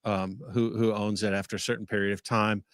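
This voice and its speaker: A man co-hosting a livestream who speaks in a measured way and pauses on fillers as he explains. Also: fairly low pitch, level tone, smooth, no echo, clean studio sound. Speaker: livestream co-host. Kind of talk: casual chat.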